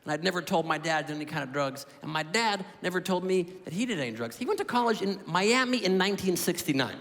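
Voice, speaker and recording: Brief: male stand-up in his thirties, high, swooping, neurotic delivery, live hall with laughing crowd. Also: quick pace. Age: 30s. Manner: animated, neurotic storytelling with voice swings. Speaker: stand-up comedian. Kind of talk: stand-up comedy set. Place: comedy stage before a live audience.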